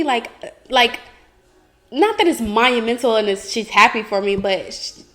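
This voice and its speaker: A woman's voice: on the high side, lively intonation, moderate pace, a bit bright. A young woman hosting a podcast, chatting candidly and casually, giggling and filling her talk with "like". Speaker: podcast host. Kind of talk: casual confessional chat.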